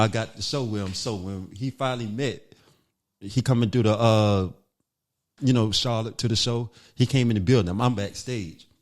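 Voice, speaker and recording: Comedian guy from north carolina telling a story, lowish voice, acts out the other people. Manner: animated, acts out what others said. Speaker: comedian guest. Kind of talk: casual storytelling.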